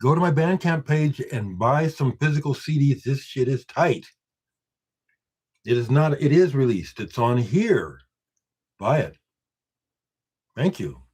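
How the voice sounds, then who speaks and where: A man's voice: mid-range voice, animated, unhurried, long pauses, darkish tone, slightly rough. A man who is a musician, hosting a casual live stream, replying to viewers' comments and emphatically talking up his own records. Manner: emphatic, boastful, replies to chat comments.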